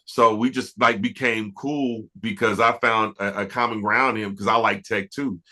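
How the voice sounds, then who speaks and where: A man, a music producer, telling stories in a relaxed interview, often restarting and filling with "you know". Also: fairly low pitch, moderate pace. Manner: relaxed, reflective, many fillers and restarts. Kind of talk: casual interview storytelling.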